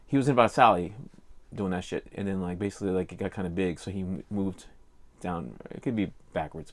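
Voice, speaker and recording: A man's voice: low-pitched, a little hiss or hum. An older man with a Cajun accent, co-hosting a casual podcast and telling a rambling story full of fillers. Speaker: podcast co-host. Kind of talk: casual chat.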